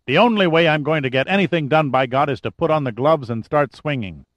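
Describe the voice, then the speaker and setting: A man's voice: on the high side, fairly quick, no room sound, dull audio, voice pushed up, close to an everyday voice. Man voicing defiant male president, blunt, commanding. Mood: furious. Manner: blunt, forceful, sometimes shouting.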